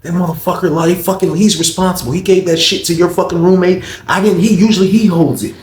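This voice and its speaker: A man voicing an angry, cursing male cellmate who is snapping in rage, his voice pitched up and loud. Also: fast, reverberant, natural voice. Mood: furious. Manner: shouting, profane, raised voice.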